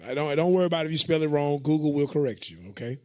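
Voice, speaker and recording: A man's voice: fairly high pitch, rapid-fire, darkish tone. A man casually teaching scripture to a class, explaining verses with loose, joking asides.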